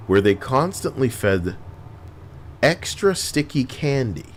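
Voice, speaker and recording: A man's voice: lowish voice, slight background noise. A man streaming, chatting casually in a joking, rambling, sarcastic way.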